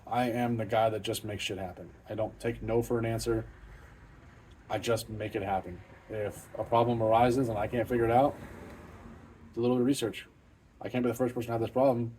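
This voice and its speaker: A man's voice: fairly low pitch, little pitch movement, a little fast, mellow, slight background noise. A middle-aged man hosting an off-the-cuff garage vlog, swearing freely and talking in a blunt, self-deprecating, matter-of-fact way. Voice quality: profane, blunt and plain-spoken. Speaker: car channel host. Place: home garage.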